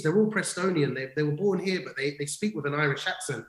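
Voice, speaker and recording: A man's voice: a little high, fairly quick, hardly any pauses. A man co-hosting a livestream, telling stories in casual chat, full of restarts and fillers. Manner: chatty storyteller, many restarts and fillers. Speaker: livestream co-host. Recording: roomy echo.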